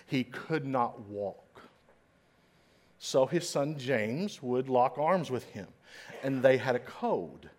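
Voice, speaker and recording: A middle-aged man giving an inspirational speech, telling a story dramatically and swinging between hushed and loud. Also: medium pitch, animated, takes it slowly, slight background noise. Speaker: motivational speaker. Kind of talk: inspirational speech to a live audience.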